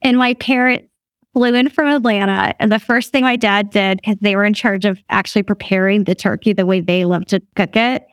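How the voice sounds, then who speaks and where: A woman's voice: medium pitch, brisk, clean tone, dry recording, studio quality. A woman in her fifties telling a story in a casual chat, laughing often and acting out what others said. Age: 50s. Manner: laughs often while talking, animated quoting of others. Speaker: guest.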